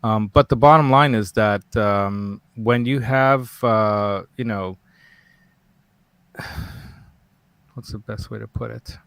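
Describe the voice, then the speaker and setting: A man's voice: fairly low pitch, slow pace, pauses often, a bit bright, smooth, dry recording. A man hosting a casual live talk show, rambling and digressive and laughing often. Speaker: host. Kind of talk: casual livestream chat.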